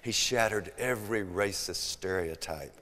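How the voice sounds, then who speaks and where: A man's voice: on the low side, measured pace. Southern-accented older man, hall reverb. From American South. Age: 70s. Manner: emphatic, swinging from loud to hushed. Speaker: speaker. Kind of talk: motivational storytelling talk.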